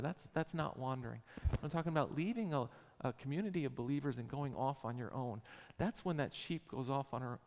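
A man's voice: mid-range voice, creaky, darkish tone. A man in his forties preaching a sermon in a church, with an emphatic, repetitive cadence. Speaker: pastor. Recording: long hall reverb.

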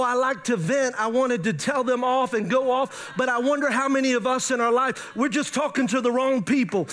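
A pastor delivers a lively sermon in a high, ringing voice. He keeps turning to his congregation with questions and talks with animated energy. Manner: animated preaching, asks the audience questions.

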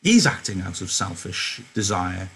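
A man's voice: deep voice, big pitch swings, unhurried, fairly bright tone, slightly rough, poor audio. A male teacher explaining a novel to a class in a chatty way, with apologetic asides and self-corrections.

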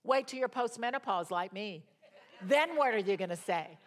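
Woman, middle-aged, Bible study teacher; expressive storyteller with a flair for drama, medium pitch. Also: normal speed.

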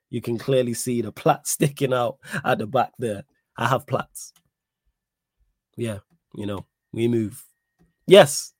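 A young man hosting a casual live-stream podcast, talking in an animated, slangy way and repeating his points for emphasis. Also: mid-range voice, breathy edge, no echo, clean studio sound. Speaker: podcast host reading live chat.

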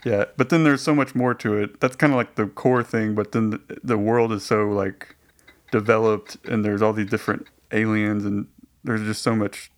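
A man's voice: fairly low pitch, steady tone, normal speed. A man hosting a casual online voice chat, rambling with many hesitations. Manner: rambling, hesitant, lots of restarts and likes. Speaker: podcast host.

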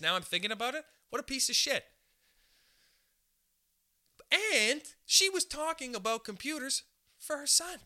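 A young man from Canada hosting a podcast, telling a comic story in a loose, animated way, swearing a lot and acting out the voices of other people. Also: extremely high pitch, unhurried, long pauses. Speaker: podcast host. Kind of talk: casual comedic storytelling.

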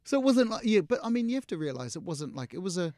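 Speaking fast in a high register, a middle-aged New Zealand actor tells relaxed stories as an interview guest. He's animated, plays out other people's lines and laughs a lot, all on a dry, studio-quality recording.

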